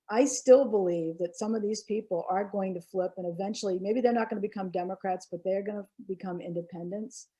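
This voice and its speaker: An earnest woman speaking in a panel discussion, her voice mellow and warm at a middling pitch. She tells a story at length, often restarting her sentences. She sounds like she is on a video call. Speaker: former political candidate.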